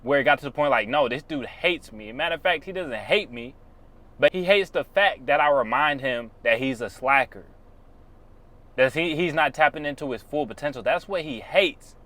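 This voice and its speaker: A man's voice: mid-range voice, animated, normal speed, bright, forceful tone. A man on his own channel giving blunt, preachy motivational advice in casual, slangy speech. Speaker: YouTuber.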